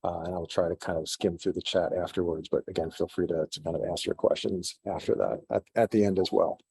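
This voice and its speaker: A man's voice: deep voice, fairly even intonation, a little fast, creaky, dark tone, breathy edge, no echo. A man giving an online conference presentation, telling a story in a conversational way over a video call. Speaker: conference speaker.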